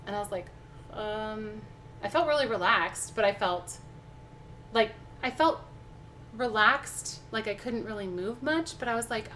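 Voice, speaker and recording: A woman's voice: medium pitch, animated, a little slow, fairly bright tone, a little hiss or hum. A young woman hosting a cooking livestream, talking casually with lots of fillers and restarts. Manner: rambling, chatty, many fillers and restarts. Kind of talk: casual chat while cooking. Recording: faint background music.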